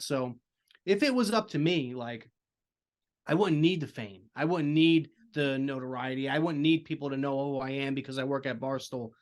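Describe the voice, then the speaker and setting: A man's voice: mid-range voice, moderate pace. A man speaking earnestly as a podcast guest in casual chat, leaning on filler phrases.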